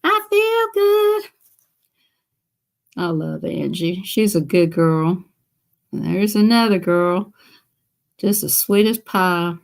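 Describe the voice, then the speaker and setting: A woman's voice: on the low side, steady tone, slow, gravelly, darkish tone. A woman with a Southern US accent chatting casually on a live stream, telling stories to her viewers and laughing often.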